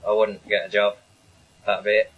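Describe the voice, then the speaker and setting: Blunt, husky comedian. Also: male voice, lowish voice, moderate pace, narrow, tinny audio. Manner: blunt, deadpan. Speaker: stand-up comedian. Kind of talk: comic panel chat.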